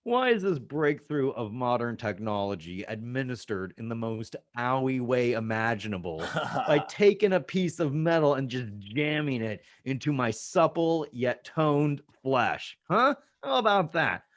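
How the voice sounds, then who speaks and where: A man's voice: medium pitch, big pitch swings, measured pace. A young man doing a loose, sarcastic stand-up set over a video call, full of asides and banter. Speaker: stand-up comedian.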